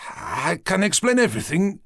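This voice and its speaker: A man's voice: high-pitched, big pitch swings, moderate pace, fairly bright tone, no echo, studio quality, voice pushed up, exaggerated voice. A man voicing a cheerful, skinny young man who plays a fake shaman for tourists, talking eagerly like a salesman. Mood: chirpy, eager.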